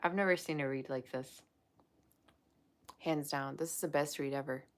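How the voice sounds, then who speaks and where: Low-voiced woman gushing over a tarot reading. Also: fairly even intonation, moderate pace. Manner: gushing, chatty and effusive. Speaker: tarot reader. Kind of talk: live-streamed tarot reading.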